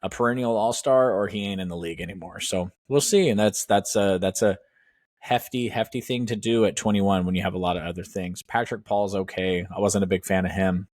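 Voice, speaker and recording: A man's voice: low-pitched, a little fast, darkish tone, dry recording. A man co-hosting a podcast, giving blunt, opinionated takes in casual sports chat. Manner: blunt, opinionated, sometimes speeds up. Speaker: podcast co-host.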